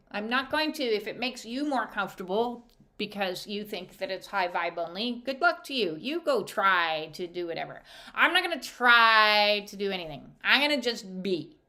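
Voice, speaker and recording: A woman talks as an intuitive counsellor, sharing spiritual guidance in a bright, forceful voice. She is emphatic and heartfelt, circling back to the same phrases again and again. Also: medium pitch.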